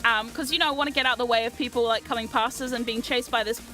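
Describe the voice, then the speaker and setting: High, bright-voiced excitable woman streamer. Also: fast talker, faint music behind. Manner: excitable, rambling, swears freely, laughs often. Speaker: livestream host. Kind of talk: casual storytelling chat.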